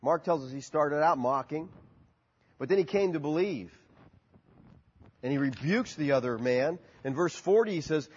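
A pastor with a slightly rough voice preaches at a moderate pace, leaving long pauses between lines. His animated delivery climbs and drops sharply as he questions the congregation, captured in a muffled, reverberant hall.

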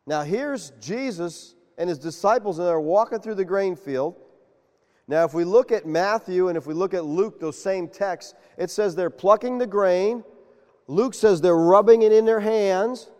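A man preaching a sermon, animated and quizzing his congregation with questions. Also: high-pitched. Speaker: pastor. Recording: long reverb of a large hall.

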